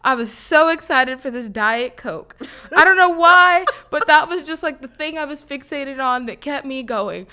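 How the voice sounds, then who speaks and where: A woman's voice: high voice, moderate pace. A young woman co-hosting a podcast, telling a story in casual chat with lots of "like" fillers. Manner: storytelling, animated, many "like" fillers. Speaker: podcast co-host.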